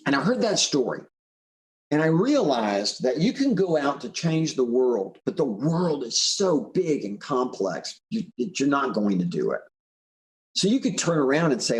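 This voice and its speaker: A man gives a recorded motivational talk as an animated storyteller. His pitch rises and falls a lot, and he keeps checking in with "right?". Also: normal speed. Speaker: speaker and author.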